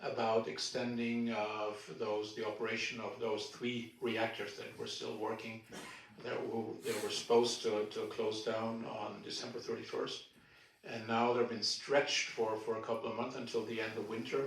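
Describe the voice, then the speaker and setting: A man's voice: on the low side, little pitch movement, moderate pace, fairly bright tone. Older man, distant echoey room. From Germany. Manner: conversational, many restarts and repeated words. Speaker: retired ambassador, guest speaker. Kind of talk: Q&A answers at a public talk.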